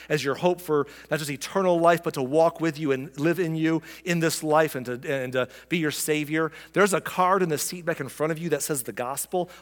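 In a church sanctuary, a male pastor preaches in a chatty, conversational way, putting questions to the congregation. The long hall reverb gives his somewhat high, fairly bright voice a lingering echo.

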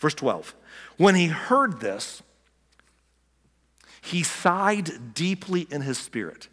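A pastor giving a conversational, animated sermon, joking and acting out the people he quotes. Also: medium pitch, takes it slowly, pauses often. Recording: long hall reverb.

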